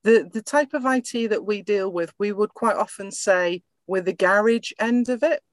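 A woman with an English accent speaks as a guest in a casual interview, friendly and clear as she explains her work. Her pitch sits mid-range. The sound is dry and close. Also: moderate pace, no echo. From England. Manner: friendly, conversational, explains plainly. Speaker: IT business owner, guest.

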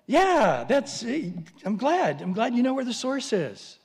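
A man's voice: very high-pitched, breathy edge, big-room sound. A man preaching a sermon, telling a story animatedly and acting out voices.

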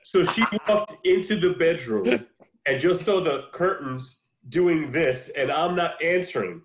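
Guy in his 40s telling a story, kinda higher voice, lively, roomy echo. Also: a little slow. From New York. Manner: animated storyteller, shifting pace. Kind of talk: casual storytelling chat.

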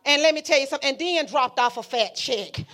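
Bright fiery woman pastor. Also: high voice, fairly quick. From Alabama. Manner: fiery, preaching with call-and-response. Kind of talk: sermon.

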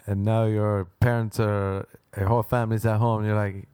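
A man's voice: fairly low pitch, level tone, a little fast, dark tone, clean tone, no room sound. An Irish man hosting a podcast, rambling through a crude comedic monologue and slipping into silly voices. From Ireland. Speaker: podcast host. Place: living in Los Angeles.

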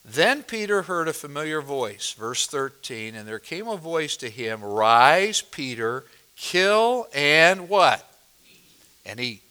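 A pastor preaching a sermon, explaining a passage verse by verse and asking the congregation questions, moving between loud emphasis and quiet asides. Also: male voice, mid-range voice, big pitch swings, measured pace, hardly any pauses, smooth. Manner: expository, asks the congregation questions.

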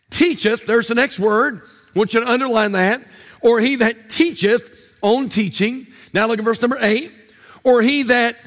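High-voiced pastor preaching. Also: male voice, fairly bright tone. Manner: sing-song preaching cadence, repeating phrases. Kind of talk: sermon. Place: church sanctuary.

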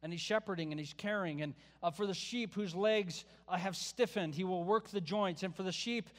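A man's voice: high voice, moderate pace, a bit bright. Conversational male pastor in a reverberant hall. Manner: conversational preaching with joking asides. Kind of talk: sermon.

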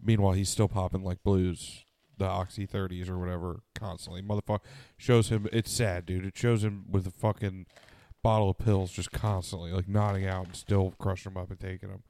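A man's voice: sits low, level tone, a little fast, mellow. A man co-hosting a casual podcast, telling a long story with lots of swearing and fillers, tired and sniffly. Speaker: podcast co-host.

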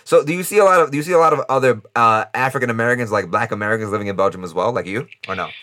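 A man from New York hosting a podcast, chatting casually and quickly with lots of "like" and "right?". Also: medium pitch, a bit bright. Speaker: podcast host. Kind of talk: casual interview chat. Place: indoors in Costa Rica.

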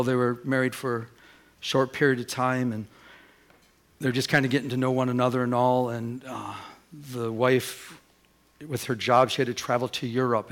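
A man's voice: medium pitch, a bit bright. A man preaching a sermon as pastor in his church, emphatic and often asking the congregation questions.

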